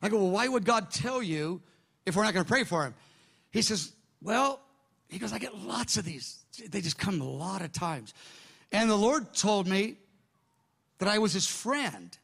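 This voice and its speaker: A middle-aged male pastor delivers a storytelling sermon with a fairly high voice. He acts out the quoted dialogue as he goes, so his delivery keeps shifting. The tone stays lively and engaged throughout. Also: moderate pace, vocal fry, breathy edge.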